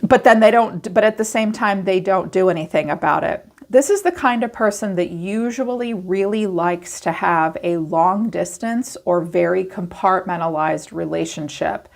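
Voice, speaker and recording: A woman giving a chatty tarot reading to camera, acting out quoted thoughts in animated asides. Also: on the low side, normal speed, vocal fry, hardly any pauses. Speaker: tarot reader.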